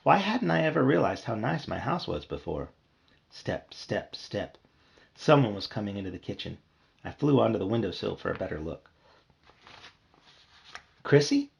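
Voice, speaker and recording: A man's voice: fairly low pitch, fast talker, vocal fry. A man reading a children's horror book aloud, narrating expressively. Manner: expressive storytelling. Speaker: reader.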